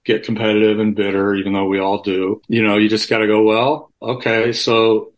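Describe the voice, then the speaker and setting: A man's voice: lowish voice, monotone, fast. Frank, rambling man on a call from home. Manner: frank and profane, rambling with many restarts. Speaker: guest musician. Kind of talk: candid conversational interview. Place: his home.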